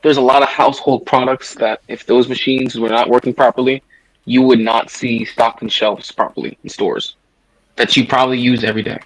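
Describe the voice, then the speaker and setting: A husky-voiced man in his thirties speaks fast on a voice chat call, pushing his points with rambling emphasis. He swears casually and talks like he is chatting with friends online. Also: medium pitch, fairly even intonation, rough recording. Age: 30s. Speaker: guest caller in a voice chat. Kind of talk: casual political debate on a voice chat.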